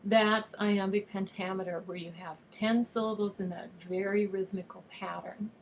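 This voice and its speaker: A woman teacher talks through a recorded video lesson in a patient, explanatory way. Her pitch sits in an ordinary middle range. A faint hiss of background noise runs under her voice. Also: fairly even intonation, normal speed. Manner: patient, explanatory, reads verse with overstressed rhythm. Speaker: online high school teacher.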